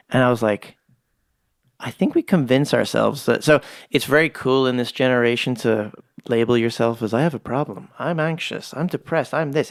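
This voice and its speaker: Lively, storytelling man, dry close sound. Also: mid-range voice, dry recording. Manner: lively storyteller, acts out quoted dialogue, swears casually. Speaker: podcast guest. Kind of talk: casual conversation. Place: ranch.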